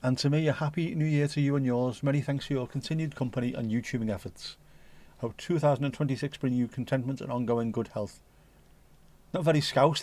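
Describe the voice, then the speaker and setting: A man's voice: medium pitch, a little fast, darkish tone. A man hosting a casual livestream, reading out viewer messages and rambling jokily with slang and swearing. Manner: rambling, jokey and sweary, full of British slang. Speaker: livestream host.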